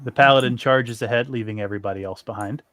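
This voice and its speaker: A man narrating as game master, halting with many fillers. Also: mid-range voice, fairly bright tone.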